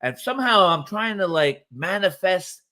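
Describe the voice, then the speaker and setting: A man ranting loudly and swearing as a guest on a casual live stream. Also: high-pitched, animated, normal speed. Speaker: guest, host's husband.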